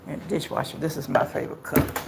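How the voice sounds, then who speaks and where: Lady vlogging live off her phone, rambly, kinda breathless, noisy background. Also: a little fast. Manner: chatty and rambling, repeats phrases. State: out of breath from walking. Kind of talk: casual live-stream chat. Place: walking outdoors, then at home. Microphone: phone camera.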